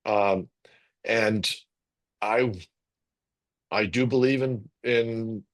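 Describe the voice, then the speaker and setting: A man hosting a webinar over a video call, speaking in a measured, reflective way. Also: fairly low pitch, steady tone. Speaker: webinar host and moderator. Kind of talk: conversational moderation.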